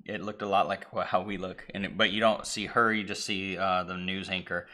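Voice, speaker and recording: A man co-hosting a casual talk stream, rambling through a film's plot and acting out its lines with sudden shouts and whispers. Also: deep voice, flat delivery, brisk. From Irish heritage (family, not place). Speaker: podcast co-host. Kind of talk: casual chat retelling a movie.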